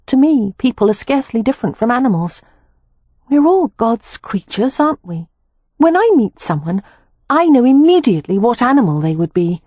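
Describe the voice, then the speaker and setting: A woman's voice: on the high side, sing-song, normal speed, warm tone, no room sound, voice pushed up. A woman reading an audiobook, voicing an earnest, matter-of-fact young woman who loves animals.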